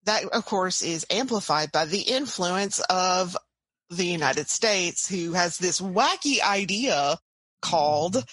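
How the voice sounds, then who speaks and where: A woman's voice: on the low side, animated, slow pace, a bit bright, no echo. A woman co-hosting a history podcast, chiming in with chatty asides while on pain pills. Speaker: podcast co-host. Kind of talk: casual history chat.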